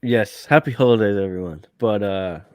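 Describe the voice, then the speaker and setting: A man hosting a casual live stream chat, laid-back and quick to laugh. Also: lowish voice, no echo. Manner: laid-back, laughs often, loose sign-off. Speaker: host.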